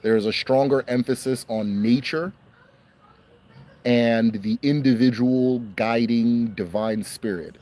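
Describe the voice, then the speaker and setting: A young man hosting a casual question-and-answer stream, talking in a relaxed way and repeating phrases for emphasis. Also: medium pitch, measured pace. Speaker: host answering viewer questions. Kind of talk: casual livestream Q&A.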